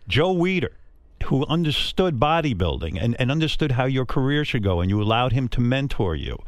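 Lively interviewer man in a dry room. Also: mid-range voice, fairly quick, no echo. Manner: leading, affirming questions with frequent "right" interjections. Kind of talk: sit-down interview.

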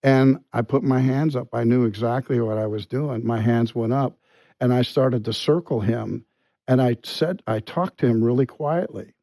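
Mellow-voiced man telling a story haltingly. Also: mid-range voice, dry recording. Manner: halting, full of restarts and quiet asides. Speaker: guest. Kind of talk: conversational storytelling.

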